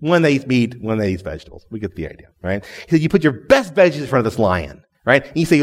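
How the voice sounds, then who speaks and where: A man preaching a sermon in a lively, up-and-down voice. His pitch sits in the middle of the range, and the delivery is conversational, with frequent "right?" check-ins. The sound carries the long reverb of a hall. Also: quick pace, hardly any pauses. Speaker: guest preacher.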